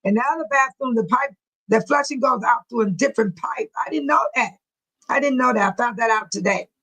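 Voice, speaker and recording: A woman's voice: a little high, brisk, a bit bright, rough recording. A middle-aged woman from California hosting a casual livestream from her home, chatting with viewers by name and laughing often. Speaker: livestream host. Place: home room near a bathroom.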